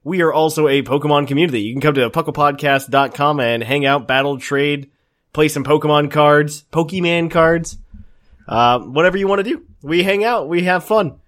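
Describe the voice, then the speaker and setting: A man hosting a casual podcast, upbeat and quick to laugh. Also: a little high, fairly bright tone. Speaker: podcast host.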